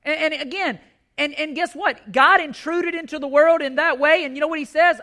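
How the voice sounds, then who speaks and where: A man's voice: extremely high pitch, moderate pace, bright, forceful tone. A male pastor preaching a sermon, impassioned and emphatic, repeating his key points.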